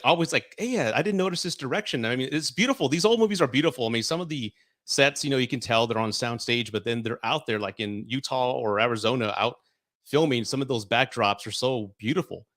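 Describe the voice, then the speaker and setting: A man's voice: medium pitch, pushed and bright. A middle-aged man hosting a live stream, chatting openly and heartfelt, rambling with many restarts. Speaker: YouTube host answering live chat. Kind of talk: casual live-stream chat.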